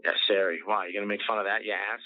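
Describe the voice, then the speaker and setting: A man's voice: on the low side, fairly even intonation, rapid-fire. A male comedian hosting a casual podcast chat, ranting angrily and swearing constantly. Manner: profane angry ranting. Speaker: comedian host. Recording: tinny lo-fi phone-like audio.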